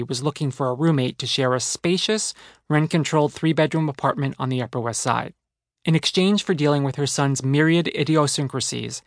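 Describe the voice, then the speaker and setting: A man's voice: medium pitch, no echo, studio quality. Wry man narrating his memoir. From New Jersey. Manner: wry, conversational storytelling. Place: dry recording booth. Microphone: close studio mic.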